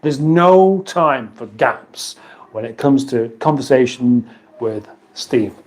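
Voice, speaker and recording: A man's voice: medium pitch, lively intonation, slow pace, a little mellow. Man, English accent, live-stream host, dry playful banter, home kitchen, reading chat comments. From England.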